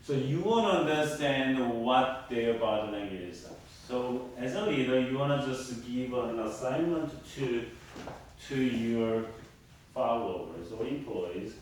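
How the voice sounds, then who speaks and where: A man's voice: mid-range voice, lively intonation, a little slow, a little hiss or hum. A man giving a university lecture to a class. He repeats his points for emphasis and keeps checking in with the students. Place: lecture room. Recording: very echoey room, mic far off.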